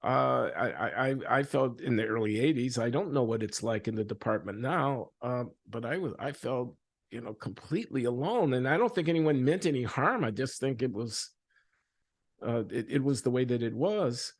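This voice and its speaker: An older man speaking as an interviewee in a reflective conversation, pausing and restarting often and growing animated when he tells a story. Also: mid-range voice. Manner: halting, with many restarts and fillers, animated when retelling stories. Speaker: interviewed economist.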